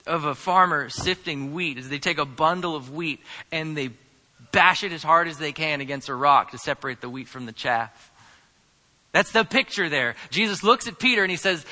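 A male pastor delivering a sermon earnestly, moving between hushed asides and emphatic stresses. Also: a little high, big-room sound.

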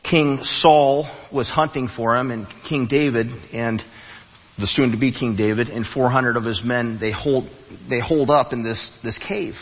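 A man preaching a sermon in a church, telling a story with halting restarts and rising emphasis. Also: mid-range voice, breathy edge. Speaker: pastor. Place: church sanctuary. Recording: muffled, long hall reverb.

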